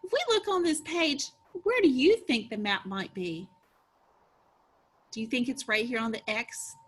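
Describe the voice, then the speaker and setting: A woman teacher leading an early-reading phonics lesson for young children, slow and encouraging with sing-song prompts. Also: on the high side, lively intonation.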